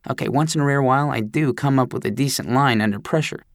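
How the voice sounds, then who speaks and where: Homem narrando com humor seco. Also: male voice, medium pitch, fast talker, creaky, hardly any pauses, no room sound, clean studio sound. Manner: wry, self-deprecating storytelling. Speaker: audiobook narrator. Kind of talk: first-person audiobook narration.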